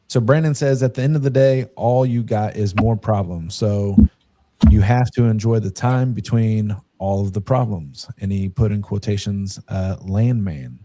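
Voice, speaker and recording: A man hosting a casual podcast, asking questions in a relaxed, hesitant way with many fillers. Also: mid-range voice. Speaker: podcast host.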